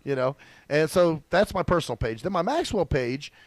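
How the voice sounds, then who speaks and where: A man's voice: fairly high pitch, brisk, dry recording. A man co-hosting a radio show, chatting casually in a blunt, profane way. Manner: blunt and profane, lively asides. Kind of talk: casual chat.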